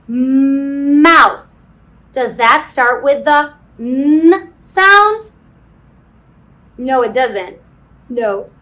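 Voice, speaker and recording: A woman leads a kindergarten phonics lesson in a slow, sing-song, encouraging way. Her voice sits high and swoops widely, and she drops in playful sound effects. Every word comes very slowly and carefully. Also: fairly bright tone. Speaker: kindergarten teacher. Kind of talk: teaching a phonics lesson to young children. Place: classroom.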